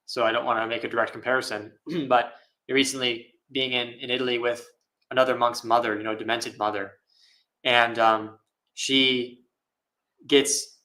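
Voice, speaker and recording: A Buddhist monk answers questions in a relaxed live session, his mid-range voice bright and clear. He sounds thoughtful, laughs a lot and fills his phrases with fillers, though the audio quality is poor.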